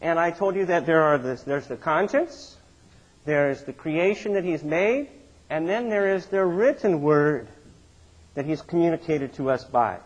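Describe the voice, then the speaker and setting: Middle-aged male pastor, slightly raised pitch, husky tone, dull lo-fi sound, storytelling sermon delivery. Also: unhurried. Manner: storytelling, animated swings in pitch and loudness.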